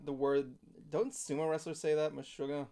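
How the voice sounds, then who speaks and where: A man's voice: fairly high pitch, flat delivery, normal speed, warm tone. A man in a livestream group chat who rambles and hesitates, restarting his sentences as he goes. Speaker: show regular.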